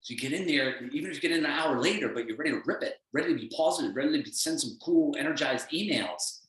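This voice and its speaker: A man's voice: on the high side, expressive, quick pace, a bit bright, recorded from a distance. A man coaching with blunt, emphatic energy, pushing his listeners hard. His voice rings around a very echoey room. He sits well back from the microphone. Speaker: performance coach. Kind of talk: motivational talk on a call.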